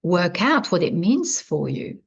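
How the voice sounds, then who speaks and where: A woman interviewing a guest over a video call, asking questions slowly and gently. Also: on the low side, very animated, creaky, slightly rough. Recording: dull lo-fi video call audio.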